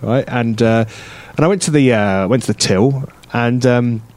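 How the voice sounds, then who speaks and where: A man spinning a long, meandering story on a radio show, piling up fillers and false starts as he goes. His voice sits at an ordinary middle pitch, and his delivery stays easygoing. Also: unhurried, darkish tone. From England. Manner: rambling anecdotal storytelling with frequent fillers and laughs. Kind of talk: casual chat.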